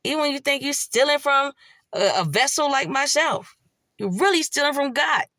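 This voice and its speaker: A woman's voice: high-pitched, lively intonation, normal speed, a bit bright, dry recording, studio quality. A woman giving a blunt, heavily profane spiritual monologue in a preachy way. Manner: blunt, heavy swearing, preachy. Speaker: spiritual vlogger.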